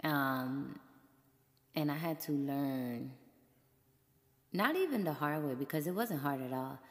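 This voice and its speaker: Woman podcast host, low and leisurely, chatty and playful, reverberant hall sound. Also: expressive, takes it slowly. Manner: playful, chatty, laughs often. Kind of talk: casual solo chat.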